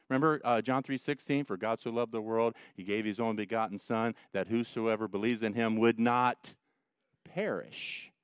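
A man preaching a sermon, emphatic, swinging between quiet, low passages and loud, rising ones. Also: clean tone, no room sound. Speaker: pastor.

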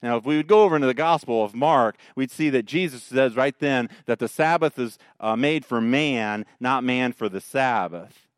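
A male pastor, preaching a sermon in an animated, joking way. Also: mid-range voice, moderate pace, clear, resonant tone, no room sound, studio quality. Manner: animated, joking storyteller who mocks the Pharisees.

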